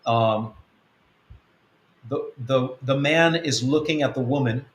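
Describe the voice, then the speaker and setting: A man's voice: medium pitch, slow pace, reverberant. A man, an apostle of a web church, teaching earnestly through a numbered list of points, often restarting his sentences. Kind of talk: teaching talk answering a question.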